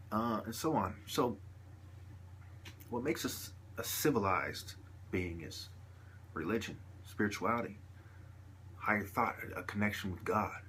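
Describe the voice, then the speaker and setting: Male vlogger, lower register, loose rambling street-slang delivery. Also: bright, forceful tone, slight background noise. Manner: rambling, slangy, sprinkled with "you dig". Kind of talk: casual monologue to camera.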